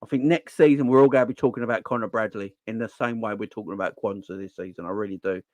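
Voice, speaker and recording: A man hosting a casual football live stream, animated and slangy, answering the chat as he goes. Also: lowish voice, quick pace, no room sound, muffled recording. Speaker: football channel host.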